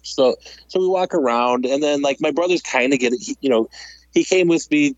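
Animated storytelling man, dry close sound. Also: mid-range voice, fairly quick, no room sound, highs cut off. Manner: animated, laughs while telling stories, acts out quotes. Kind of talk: casual storytelling.

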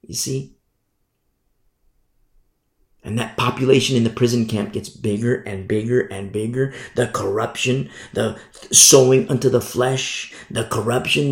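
Emphatic preacher man, gravelly voice. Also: medium pitch, fairly even intonation, normal speed, reverberant. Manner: emphatic preaching, swings from loud to hushed; mimics sinners in quoted asides. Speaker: pastor. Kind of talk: sermon.

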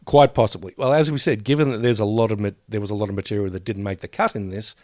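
A man's voice: fairly low pitch, fairly even intonation, fast talker, a little mellow, dry recording, clean studio sound. A man co-hosting a podcast, chatting casually about a cartoon episode in a wry, sweary, opinionated way. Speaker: podcast co-host.

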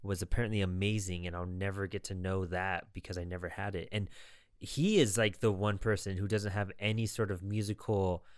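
A man with a low voice co-hosts a podcast in relaxed, casual chat. His sound is dry and close, with no room echo. He retells scenes thoughtfully and drops into short acted quotes. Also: brisk, smooth. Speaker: podcast co-host.

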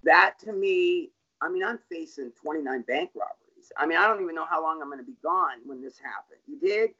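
A man's voice: on the high side, lively intonation, a little fast, sharp tone. A middle-aged man telling his life story in an interview, blunt and profane, in plain street talk. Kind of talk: candid personal storytelling. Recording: dull lo-fi recording.

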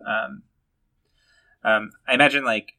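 A young man co-hosts a casual comedy podcast in a fairly low, bright, forceful voice. He stumbles and restarts his sentences often, and the recording is dry and close. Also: very animated, unhurried, gravelly, no echo. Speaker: podcast co-host.

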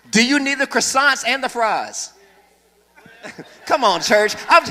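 A man's voice: very high-pitched, expressive, slow pace, long pauses, pushed and bright. A man, a pastor, preaching a sermon in church with humor and calls for the congregation to respond. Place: church sanctuary. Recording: reverberant church hall.

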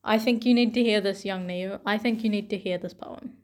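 A young woman talking gently and tenderly to her younger self, with pauses and soft laughs. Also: mid-range voice, fairly even intonation. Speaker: vlogger.

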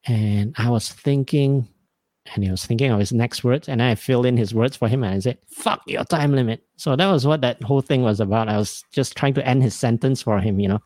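A man's voice: mid-range voice, brisk, darkish tone, no room sound. A man, hosting a podcast and telling rambling, self-mocking comic stories with frequent laughs. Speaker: podcast host. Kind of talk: casual comedic storytelling.

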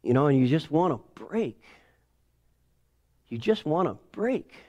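Animated casual man preaching a sermon. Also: on the high side, a little slow, dull audio. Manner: casual and animated, acts out family scenes. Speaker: pastor. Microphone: headset or lapel mic.

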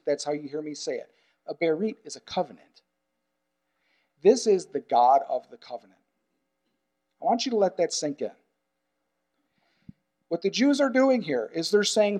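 A pastor preaching a sermon in an earnest, emphatic way, repeating key phrases and moving between loud urgent stresses and quiet asides. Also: male voice, on the high side, sing-song, normal speed.

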